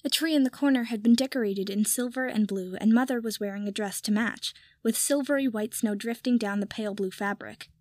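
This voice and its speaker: A woman reading fiction aloud in calm, even narration. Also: a little high, fairly quick, few pauses, dry recording, clean studio sound. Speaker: audiobook reader.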